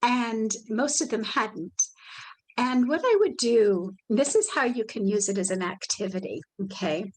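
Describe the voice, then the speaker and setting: A woman presenting a live online workshop, speaking gently and soothingly and guiding her listeners through calm imagery. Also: fairly high pitch, a little slow, poor audio. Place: indoors, video call.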